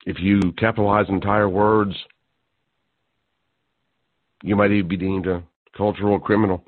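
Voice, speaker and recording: A male talk radio host delivers a sarcastic, mocking monologue, building to loud outbursts of disbelief. His lowish voice has a flat delivery at a moderate pace and sounds thin like a phone line, dry with no echo or room around it.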